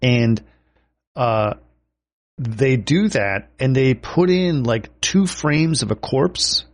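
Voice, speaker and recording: A man's voice: medium pitch, expressive. A man co-hosting a film podcast, speaking casually, often stumbling and repeating words as he cuts in. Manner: halting, repeats words when he jumps in.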